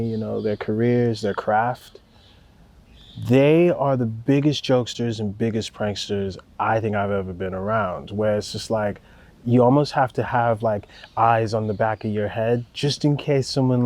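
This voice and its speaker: A young man, a record producer, talking casually in an interview, laid-back and rambling, swearing freely as he praises the people he works with. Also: mid-range voice. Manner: calm and warm-spoken.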